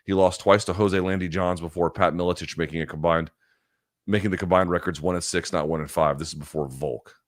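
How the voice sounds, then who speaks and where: A man's voice: sits low, fairly even intonation, brisk, dry recording, studio quality. A man hosting a live chat stream, answering viewer questions in heated, profane rants full of fillers and restarts. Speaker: live chat show host.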